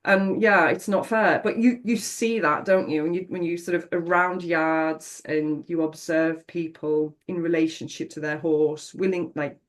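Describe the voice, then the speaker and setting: Middle-aged woman telling her story on a podcast, candid and reflective, drops the odd swear. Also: lowish voice. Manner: reflective, frank, swears casually. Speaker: podcast guest.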